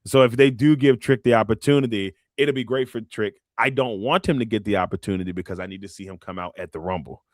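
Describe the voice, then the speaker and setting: A man co-hosting a casual wrestling podcast. He talks in a laid-back way, laughs often and breaks into loud chants. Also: fairly low pitch, fast talker, few pauses, dry recording, clean studio sound. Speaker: podcast co-host.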